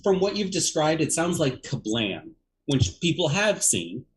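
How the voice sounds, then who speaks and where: A man's voice: fairly high pitch, measured pace. A man co-hosting a livestream, chatting casually about ideas for a new show with loose fillers and laughs. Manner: relaxed, musing, with fillers and laughs. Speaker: comedy theater co-host. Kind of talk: casual planning chat on a livestream.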